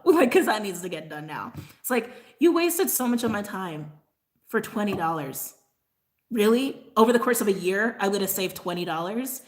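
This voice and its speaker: A woman's voice: medium pitch, lively intonation, normal speed. A woman hosting a casual livestream chat, ranting in a rambling way, saying "like" constantly, laughing often and apologizing. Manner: apologetic asides. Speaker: tarot channel host.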